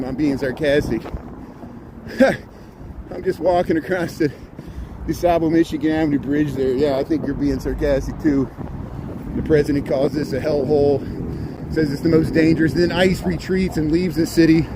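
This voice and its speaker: A man's voice: on the high side, fairly even intonation, normal speed. A man narrating a live stream as he walks city streets, chatting and greeting viewers by name, recorded on a handheld phone. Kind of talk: casual live-stream narration while walking. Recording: loud street traffic noise.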